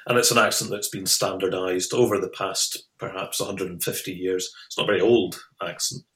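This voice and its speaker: A man's voice: sits low, steady tone, brisk, a bit bright. A man, a guest lecturer, explaining in an interview with small restarts. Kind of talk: interview answers. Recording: roomy echo.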